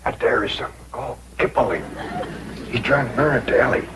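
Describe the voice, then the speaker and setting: An actor playing a calm backwoods family patriarch with a dry, folksy Ozarks drawl in a 1960s sitcom. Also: male voice, medium pitch, brisk, close to an everyday voice. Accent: Ozarks rural American. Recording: noisy old TV soundtrack.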